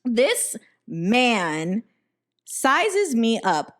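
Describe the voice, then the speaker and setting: Profane, animated young woman podcast host. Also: on the high side, very slow. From Florida. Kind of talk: casual chat.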